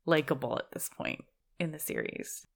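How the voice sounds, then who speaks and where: Brief: woman co-host, easygoing movie chat, low but lively voice. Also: moderate pace, gravelly. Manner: agreeable, laughs often. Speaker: podcast co-host. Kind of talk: casual movie discussion.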